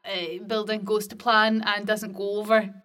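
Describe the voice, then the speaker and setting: A woman's voice: medium pitch, little pitch movement, moderate pace, a bit bright. A woman hosting a casual podcast, telling chatty stories in a friendly way. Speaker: podcast host.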